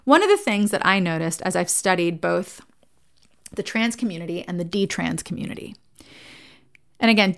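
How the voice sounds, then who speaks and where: Gravelly-voiced woman therapist giving a talk. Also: lowish voice, a bit bright. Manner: earnest, conversational storyteller. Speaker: licensed therapist.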